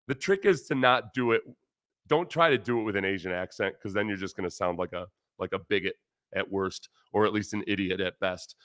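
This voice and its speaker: A former football player in his forties hosting a casual sports livestream, talking in animated, rambling bursts with restarts while reading chat comments aloud. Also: mid-range voice, dry recording, clean studio sound. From United States.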